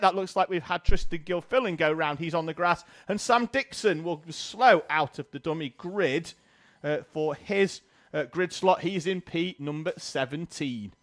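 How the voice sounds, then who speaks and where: A man giving brisk live play-by-play commentary on a karting race, reeling off names and grid positions. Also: high voice, a bit bright, no echo, studio quality.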